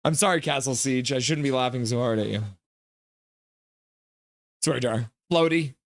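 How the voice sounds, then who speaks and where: A man's voice: normal speed, no room sound. Chatty male hockey streamer, dry sound. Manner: chatty, reads viewer comments and acts them out in sudden high shouts. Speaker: hockey live-stream host. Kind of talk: casual live-stream reaction, reading chat aloud.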